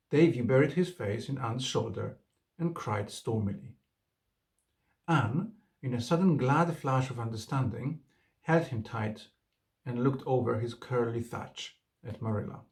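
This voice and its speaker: A man's voice: mid-range voice, measured pace. A man narrating a storybook reading and then reflecting on it in earnest book commentary.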